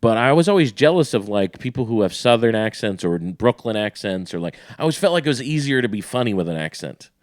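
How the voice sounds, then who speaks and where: Midwestern male podcast host, low voice, rambling casual chat, dead-dry sound. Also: very animated, fast, few pauses, dry recording. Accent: Midwestern American. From Ohio. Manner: rambling, self-interrupting.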